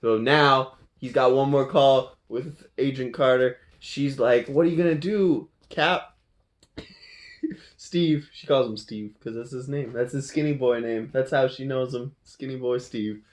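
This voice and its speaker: Dude rambling thru a movie recap, laughing a lot, normal mid voice. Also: male voice, mid-range voice, fairly even intonation, moderate pace. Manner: rambling, playful, laughs often, restarts.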